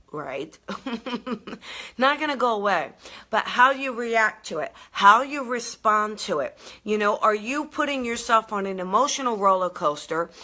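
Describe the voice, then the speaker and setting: A woman hosting a live motivational talk, bubbly and animated, laughing often and answering viewer comments as she goes. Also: fairly high pitch. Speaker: intuitive coach and live show host. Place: live video stream.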